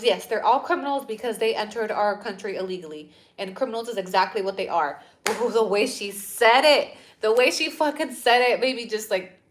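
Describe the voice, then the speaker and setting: A young woman hosting a casual livestream, talking bluntly with lots of swearing and animated rants. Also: mid-range voice. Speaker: host of a livestream.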